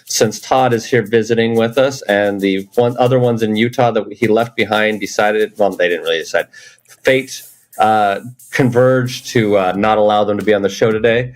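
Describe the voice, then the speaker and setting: A man's voice: fairly low pitch, steady tone, normal speed. A man hosting a podcast, talking in a loose, joking way with plenty of fillers, recorded in a hotel room. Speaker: podcast host. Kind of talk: casual chat.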